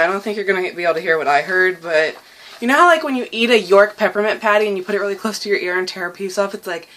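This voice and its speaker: Chatty young woman, faint noise. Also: mid-range voice. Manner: chatty, laughing, filler-heavy, excitable. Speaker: vlogger. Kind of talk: casual journaling vlog.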